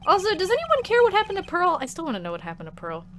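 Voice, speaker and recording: A woman streamer chatting casually while playing a game, giggly and excitable, swearing freely. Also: very high voice, a little hiss or hum.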